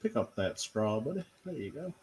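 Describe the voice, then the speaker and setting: A man's voice: mid-range voice, big pitch swings, moderate pace, a little mellow, slight background noise. A playful man chatting casually while playing a farming game, often laughing. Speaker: co-streamer. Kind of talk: casual gameplay chat.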